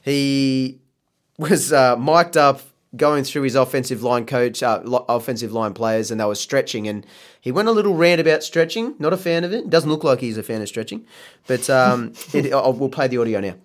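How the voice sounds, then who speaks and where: A man's voice: mid-range voice, normal speed. A man, co-hosting a podcast in a laid-back, joking manner and laughing often. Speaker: podcast co-host. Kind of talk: casual podcast chat.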